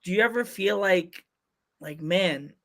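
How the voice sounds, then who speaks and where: A man's voice: high voice, unhurried, fairly bright tone. Playful male podcast host. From Pennsylvania. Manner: playful, laughs often, jokey voices. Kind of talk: casual interview chat.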